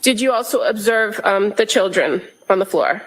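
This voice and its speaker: A woman prosecutor questioning a witness in a courtroom, in measured, methodical questions with frequent pauses. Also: mid-range voice, expressive. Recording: echoey courtroom audio.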